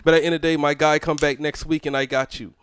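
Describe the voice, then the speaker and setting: A man hosting a casual podcast, loud and profane, laughing through banter. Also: on the high side, little pitch movement, fast, clean tone, no echo. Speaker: podcast host.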